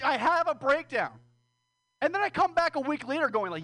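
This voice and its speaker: A man's voice: extremely high pitch, big pitch swings, moderate pace, pushed and bright. A man doing a rambling, profane, self-deprecating stand-up set at an open mic. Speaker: stand-up comedian. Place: small comedy room with audience.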